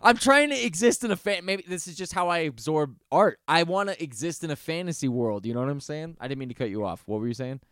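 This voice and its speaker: A man co-hosting a podcast, talking through a music review in a casual, animated, profane way, often stopping and restarting mid-sentence. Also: a little high, fast talker, few pauses, smooth, no room sound, clean studio sound. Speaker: podcast co-host.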